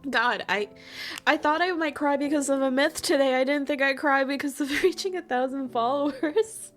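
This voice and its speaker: A young woman streaming casually, excitable, laughing and swearing as she chats with her viewers. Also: sits high, normal speed, faint music behind. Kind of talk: casual live-stream chat.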